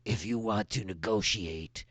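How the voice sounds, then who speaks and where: A man's voice: lowish voice, a little slow, fairly bright tone, no room sound. A man voicing a stern male kobold guard in a tabletop game, speaking in curt, threatening lines. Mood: demanding.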